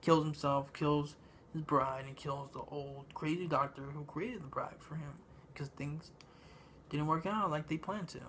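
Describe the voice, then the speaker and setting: A man giving a casual spoken movie review, halting and meandering, with lots of ums and uhs. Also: fairly high pitch, steady tone, a bit bright, a little hiss or hum. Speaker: film reviewer.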